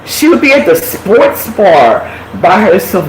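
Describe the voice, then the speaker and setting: A man's voice: high voice, measured pace. A man telling blunt, profane gossip stories in a casual live chat, talking animatedly. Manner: blunt, animated storytelling with lots of cursing. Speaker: live chat show host. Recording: echoey room, faint background hiss.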